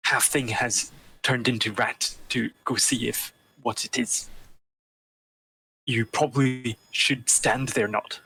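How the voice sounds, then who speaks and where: A man's voice: mid-range voice, steady tone, slow pace, sharp tone, husky, full character voice, rough recording. A man voicing an odd little creature that talks in clipped, broken phrases and repeats itself. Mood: uneasy.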